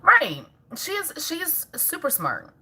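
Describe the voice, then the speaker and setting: A woman's voice: very high-pitched, huge pitch swings, unhurried, pushed and bright. A woman vlogging casually at home as a mother, chatting with viewers, laughing often and scolding her toddler in between.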